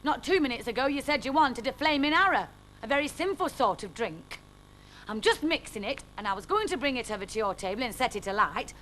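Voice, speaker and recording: A sulky, oily barman from a storybook, gruff and sloppy in his speech, as a woman reading aloud plays him. His voice rises and falls in lively jumps, with a faint hiss under it. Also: on the high side, fairly quick, rough recording. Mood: surly. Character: surly, oily working-class male barman.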